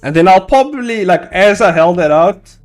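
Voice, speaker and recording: This young man has a high-pitched, animated voice and talks at a normal speed over soft background music. He draws his comic live and chats casually with viewers, rambling, laughing a great deal and swearing freely.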